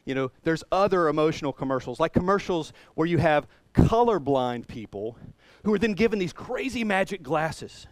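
A man preaching a sermon, retelling a scripture story with animated swings between quiet and loud passages. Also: fairly high pitch, normal speed, few pauses, no echo. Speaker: pastor.

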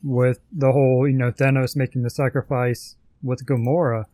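A man's voice: medium pitch, flat delivery, normal speed, warm tone. A man in casual chat, hesitantly sharing his take on a film, thinking aloud with frequent "you know"s. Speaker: podcast co-host.

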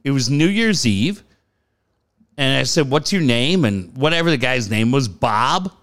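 A man in his late forties from the San Diego area, California, tells a story in casual chat with a medium-pitched, slightly bright voice at a measured pace. He's animated, swears freely, and acts out the voices of the people involved.

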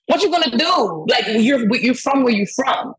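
A woman's voice: high voice, animated, a little slow, husky, poor audio. A woman from Brooklyn with a New York accent, a guest talking casually and emphatically, laughing often. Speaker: guest musician. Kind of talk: casual interview over the phone. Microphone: phone call.

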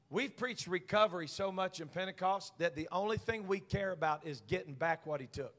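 A male senior pastor preaching a Pentecostal sermon in a church. He moves from hushed storytelling to shouted, rhythmic preaching. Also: sits high, fairly quick, few pauses. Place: church sanctuary.

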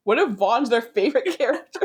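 Woman podcast co-host, wry and exasperated, lively pitch, slightly high. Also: fairly quick, a little hiss or hum. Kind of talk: casual recap chat.

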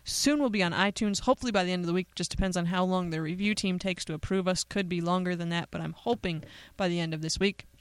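A woman's voice: fairly low pitch, quick pace, hardly any pauses, clean tone, dry recording. A woman hosting a radio show, talking casually and playfully with joking, chatty asides in a studio. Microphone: studio microphone.

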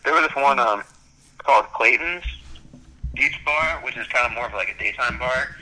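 A man's voice: medium pitch, normal speed, bright, forceful tone, slight background noise, poor audio. A young man in casual chat, rambling through stories with lots of "like" and frequent laughs. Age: young adult.

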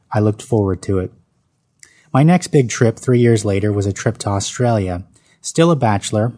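A man's voice: on the low side, warm tone. Dry-humored man reading his story. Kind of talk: reading an autobiographical story aloud.

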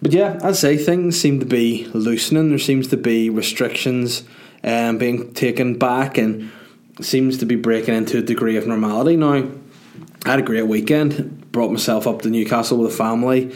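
A man's voice: medium pitch, moderate pace, a little mellow. A Northern Irish man in his thirties hosting a solo podcast from home, rambling and self-mocking with sweary humor. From Northern Ireland. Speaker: podcast host. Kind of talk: solo casual podcast monologue. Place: dining room at home.

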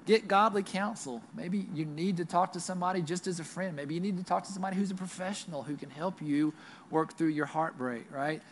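A Southern US pastor delivers a sermon in a relaxed, conversational way, often tagging his points with a quick "right?". His voice sits a little on the high side for a man. A faint hum of room ambience stays under his voice. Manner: conversational preaching, frequent tag "right?". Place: church.

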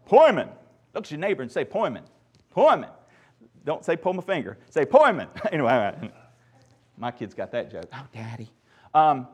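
A middle-aged man, preaching a sermon as pastor and joking with the congregation in call and response. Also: a little high. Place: church sanctuary.

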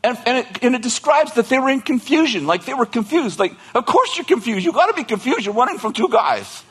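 Preacher guy telling a bible story like a buddy, husky and kind of high, laughs a lot, lots of "you know" and restarts. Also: fast. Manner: animated, joking, laughs often between lines; colloquial, restarts and asides. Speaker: pastor. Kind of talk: storytelling sermon.

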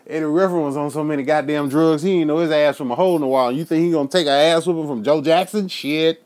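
A man, hosting a show, ranting in a loud, profane way, laughing now and then. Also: fairly high pitch, fairly even intonation, fast talker. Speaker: podcast host. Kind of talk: profane political rant.

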